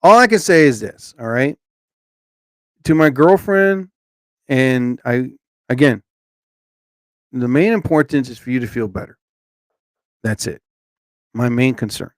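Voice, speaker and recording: A man's voice: mid-range voice, lively intonation, measured pace, long pauses, dry recording. A man hosting a casual live stream, rambling and talking to chat viewers by name.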